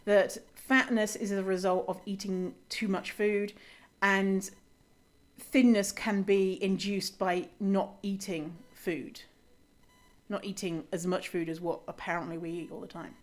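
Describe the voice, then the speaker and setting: A woman's voice: mid-range voice, little pitch movement, measured pace. Woman, solo podcast commentary, sarcastic, chatty, lots of ums. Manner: sarcastic, reads quotes aloud and rebuts them; frequent fillers and restarts, laughs often. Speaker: podcast host.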